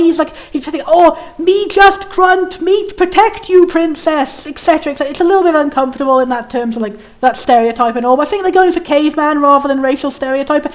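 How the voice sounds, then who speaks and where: A woman giving a casual, rambling spoken critique of a game, sarcastic and laughing often, dipping into quick voices for the characters. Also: high voice, a little mellow. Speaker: game reviewer.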